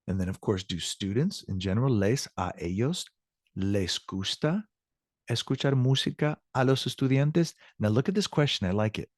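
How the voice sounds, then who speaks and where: A man's voice: lowish voice, expressive, normal speed, a little mellow, dry recording, studio quality. A male Spanish teacher walking students through grammar, patiently repeating example sentences and checking in with the class.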